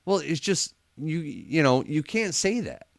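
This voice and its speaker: A man of medium pitch spins a story for a radio interview, his voice rising and falling in a lively, swinging way. He often laughs and mimics other people as he goes, and the studio sound is close and dry. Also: measured pace, vocal fry, dry recording. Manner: animated storyteller, laughs often, acts out quotes. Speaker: paranormal investigator guest.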